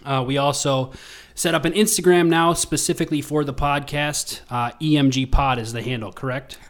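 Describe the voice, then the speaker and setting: A man's voice: medium pitch, moderate pace. A man co-hosting a podcast, talking casually with frequent ums and uhs. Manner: relaxed, lots of ums and uhs. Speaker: podcast co-host.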